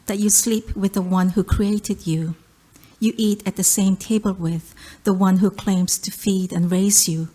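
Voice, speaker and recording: A woman from South Korea with a Korean accent, reading her poetry aloud in a measured, rhythmic recitation. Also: medium pitch, dark tone. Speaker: poet.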